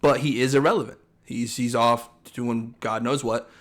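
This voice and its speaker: A young man co-hosting a casual chat show. He talks quickly and with firm opinions, often slipping into quick impressions of what coaches said. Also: medium pitch, steady tone, fairly bright tone. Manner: fast, opinionated, acts out coaches' lines in quotes. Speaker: podcast co-host.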